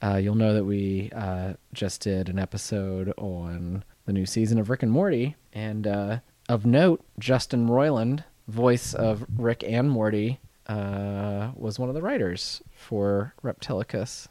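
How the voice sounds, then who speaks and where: A man's voice: on the low side, unhurried, hardly any pauses, dark tone, no room sound. A man co-hosting a podcast in an office, rambling casually and laughing often. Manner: rambling, laughs often, puts on silly voices. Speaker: podcast co-host. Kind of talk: casual chat.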